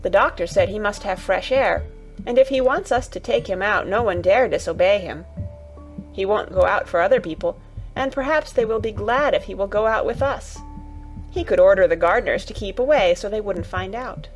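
A woman's voice: mid-range voice, lively intonation, normal speed, faint music behind, natural voice. A woman doing an eager young girl.

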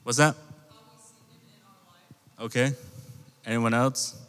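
An American man gives a relaxed youth sermon at a middle pitch. He tells stories in a lively, conversational way and keeps turning to the young crowd, and his voice rings with the long reverb of a big church hall. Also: very slow, smooth. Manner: conversational, animated storytelling, addresses the youth group directly. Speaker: youth pastor. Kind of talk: casual youth sermon with storytelling.

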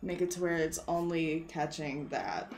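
A woman's voice: low voice, moderate pace, slight background noise. A woman streaming a video game live, chatting casually, reading chat aloud, laughing and swearing.

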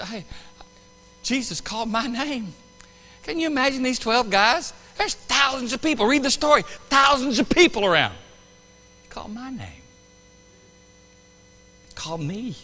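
Male pastor, high bright voice, lively sermon delivery with loud peaks, reverberant church hall. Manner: animated preaching with sudden loud bursts and quiet asides. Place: church sanctuary.

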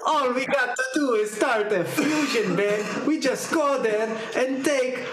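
A man doing a mock Italian-accented voice of a boastful male fusion bassist, exaggerated and laughing. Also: unhurried, echoey room, background noise. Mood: boasting.

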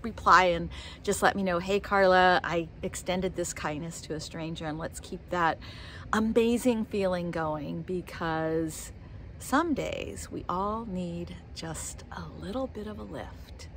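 A woman's voice: fairly low pitch, a little slow, fairly bright tone, slight background noise. A middle-aged woman vlogging, telling a personal story to camera in a heartfelt, emotional way.

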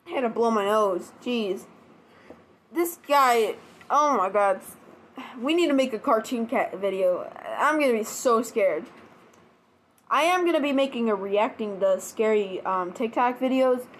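A woman's voice: on the high side, animated, measured pace. A woman hosting a reaction video at home, rambling casually with lots of fillers. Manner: rambling, filler-heavy talk.

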